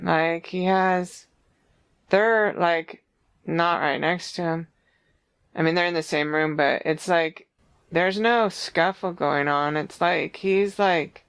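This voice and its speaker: A psychic medium giving a reading, describing visions in a halting, searching way full of restarts. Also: mid-range voice, fairly bright tone, clean tone.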